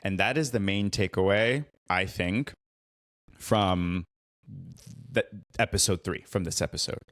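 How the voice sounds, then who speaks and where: Slow, low-voiced man hosting a podcast. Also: a bit bright, dry recording, studio quality. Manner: reflective, earnest, repeats key phrases. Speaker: podcast host and therapist. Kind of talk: solo podcast recap and commentary.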